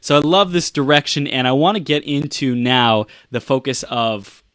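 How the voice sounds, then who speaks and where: A man's voice: medium pitch, normal speed, a bit bright, clean tone, dry recording. Encouraging male podcast host, dry sound. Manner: encouraging, short affirmations. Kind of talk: casual interview chat.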